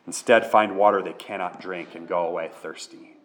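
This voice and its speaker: A man's voice: low-pitched, fairly even intonation, moderate pace. Male pastor, sermon delivery, earnest and conversational.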